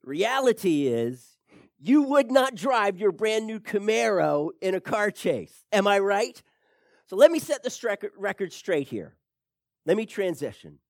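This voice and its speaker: A man preaching a storytelling sermon in an animated way, swinging his pitch and loudness and tossing chatty asides to his listeners. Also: dry recording, clean studio sound.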